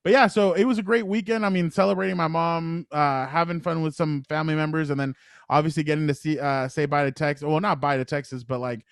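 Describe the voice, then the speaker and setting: A young male podcast co-host talks through a loose weekend story, stumbling through fillers and breaking into little laughs. His voice sits a bit higher than most men's. The recording is close and dry, with no room sound. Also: steady tone, fast, dry recording. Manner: rambling, lots of fillers and laughing asides. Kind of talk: casual storytelling chat.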